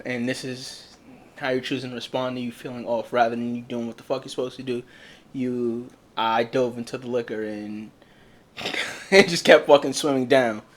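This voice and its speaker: Blunt, profane young man telling a story. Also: medium pitch. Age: young adult. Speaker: podcast co-host. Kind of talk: casual candid chat.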